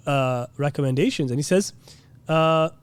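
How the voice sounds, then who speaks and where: A man's voice: on the high side, normal speed, clear, resonant tone, no echo. A man giving a casual religious lesson, chatty and full of "you know" and "like", now and then mimicking preachers. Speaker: Islamic teacher. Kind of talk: casual classroom lecture.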